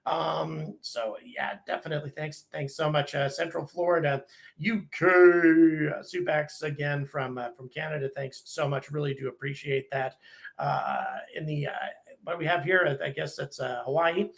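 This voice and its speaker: A man's voice: on the high side, fairly even intonation, gravelly. American guy on a live stream, reading off where viewers are from, lots of ums. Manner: reads out viewer locations, thanking them one by one; halting, with frequent ums and restarts. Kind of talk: casual live-stream chat.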